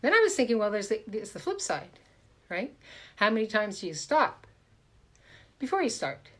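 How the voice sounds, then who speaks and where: A woman hosting a live stream as a coach, talking casually and warmly greeting viewers by name with repeated welcomes. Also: medium pitch, big pitch swings, moderate pace. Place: home, in a room.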